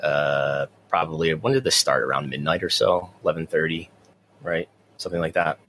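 A man with a very low, deep voice co-hosts a podcast in easygoing chat. He often repeats his first words as he gets a sentence going. A faint ambience sits behind him. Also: normal speed, fairly bright tone, a little hiss or hum. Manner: chatty, repeats words when starting sentences. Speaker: podcast co-host.

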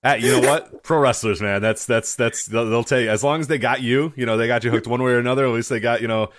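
Guy hosting a podcast, talks fast, kinda low voice, dry close sound, laid back and agreeable. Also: fairly even intonation, fairly bright tone, no echo. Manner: loose, agreeable, lots of fillers and restarts. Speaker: podcast host. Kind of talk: casual podcast chat.

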